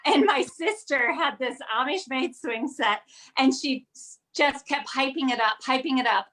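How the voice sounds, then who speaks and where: A middle-aged woman from Ohio chats as a stand-up comic guest, brash and profane, laughing between punchlines. Her voice is bright and forceful and sits a little high. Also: lively intonation, measured pace. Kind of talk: casual chat.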